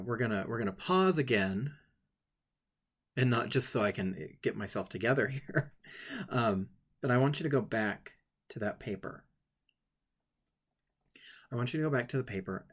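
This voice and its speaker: A man with a fairly low voice speaks haltingly, stumbling over his words and restarting often. He is tearful as he shares a personal story, and he guides listeners through a writing exercise. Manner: halting, emotional, many restarts. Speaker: writing workshop leader.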